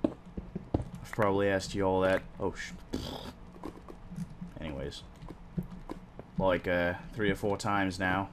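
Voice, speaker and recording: A man giving casual gameplay commentary as host, excitable, swearing casually and talking to himself. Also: sits low. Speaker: let's play host. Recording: clear background noise.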